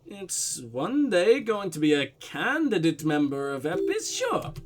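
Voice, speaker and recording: Pompous diplomat with a put-on Russian-German accent, suave and dodgy, voiced by a man; lively, high delivery. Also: unhurried, full character voice. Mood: smooth, evasive. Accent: mock Russian-German blend. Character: smooth evasive male foreign diplomat, middle-aged.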